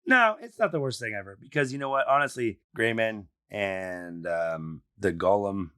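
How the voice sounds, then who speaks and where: Bright-voiced man ranting on a podcast. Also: fairly low pitch, normal speed, clear, resonant tone, no room sound, studio quality. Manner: animated, swears freely, rants. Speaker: podcast co-host. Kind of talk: casual chat.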